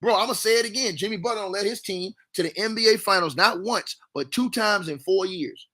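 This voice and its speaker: Hyped high-voiced man trash-talking on stream. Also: a little fast. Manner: loud, repetitive, trash-talking. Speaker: livestream sports commentator. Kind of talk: hyped livestream sports talk.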